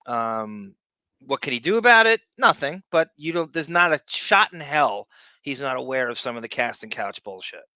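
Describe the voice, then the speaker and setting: A man's voice: medium pitch, sing-song, normal speed, pushed and bright, dry recording, low-quality recording. A man co-hosting a podcast, speaking in a sarcastic, profane ranting manner during casual commentary. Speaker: podcast co-host.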